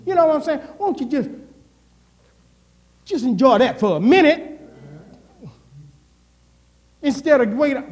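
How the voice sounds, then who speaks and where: With long pauses and a measured pace, a male pastor preaches in a very high, expressive voice with a darkish tone. The sermon, recorded in a reverberant church hall, uses call and response and rises and falls in intensity.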